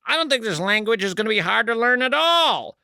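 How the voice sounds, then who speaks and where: A man's voice: very high-pitched, sing-song, fairly quick, vocal fry, pushed and bright, clean tone, no room sound, studio quality, pitched above the performer's own voice, full character voice. A man voicing a clueless traveler who thinks two German words will get him through a trip, in a smug sing-song tone. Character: clueless middle-aged man cramming German on a plane.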